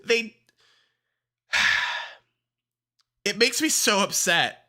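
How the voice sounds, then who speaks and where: An excitable, foul-mouthed streamer in casual livestream chat, whose pitch leaps all over the place. The voice is bright and sharp, and the delivery unhurried and drawn out even in the heated rants. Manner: excitable and heavily profane, rants then laughs.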